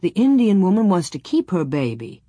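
A woman voicing a stern, calm pioneer father who speaks low and quietly. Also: normal speed, husky, dry recording.

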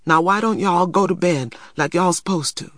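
A man's voice: high voice, moderate pace, a bit bright, no echo, studio quality, pitched above the performer's own voice. A man reading a storybook, voicing a stubborn, protective boy who speaks harshly and adamantly. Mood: defensive. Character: stubborn protective eldest boy, about twelve.

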